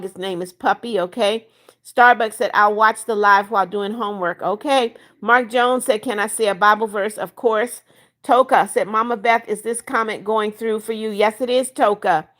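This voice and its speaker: This livestream host is a seventy-one-year-old woman who reads viewers' chat messages aloud and replies to each by name, chatting warmly along the way. Her voice is a little high and somewhat bright.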